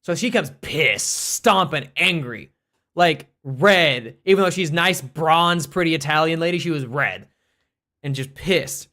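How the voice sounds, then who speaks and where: An American streamer and teacher telling a story casually on a live stream, in an animated, rambling way, full of restarts and fillers. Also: mid-range voice, a little slow. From United States.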